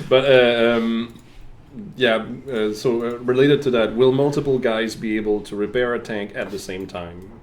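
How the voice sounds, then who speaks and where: A man's voice: medium pitch, unhurried, pauses often. A man with a French Canadian accent hosting a developer stream, joking and asking questions in a casual chat. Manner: joking, laughs often. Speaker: stream host.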